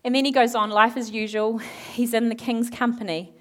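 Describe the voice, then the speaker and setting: Animated woman preaching a sermon. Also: fairly high pitch, moderate pace. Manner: animated, acts out quoted characters, asks the audience questions. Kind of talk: sermon, Bible storytelling.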